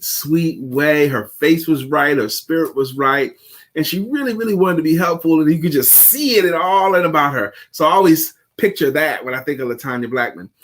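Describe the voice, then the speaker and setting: A measured man coaching on a livestream. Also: fairly high pitch. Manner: measured, explanatory, teacher-like. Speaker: co-host and coach. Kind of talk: casual livestream chat.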